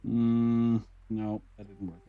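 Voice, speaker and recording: A man's voice: lowish voice, level tone, takes it slowly, narrow, tinny audio. A man from Norway with a Norwegian accent, chatting casually with his stream viewers in a rambling, chuckling way and drifting into mild rants. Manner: rambling, chuckling, mildly ranting. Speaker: livestreamer.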